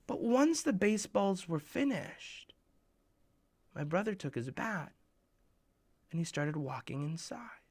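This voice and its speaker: A man's voice: high voice, fairly bright tone. A man giving a playful, joking sermon for children, telling stories in a conversational way. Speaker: children's khutbah presenter. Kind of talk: playful storytelling sermon for kids.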